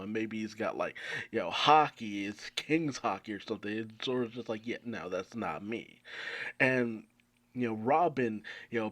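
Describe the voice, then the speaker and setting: A man reviewing a manga chapter in casual, animated commentary, swearing freely. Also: fairly low pitch. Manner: animated, swearing, fan excitement.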